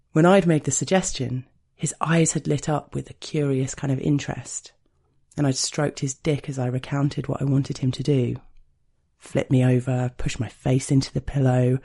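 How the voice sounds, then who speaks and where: Gravelly, mellow man reading intimately. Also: mid-range voice. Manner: slow, intimate, hushed storytelling. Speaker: narrator. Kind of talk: first-person erotic story reading.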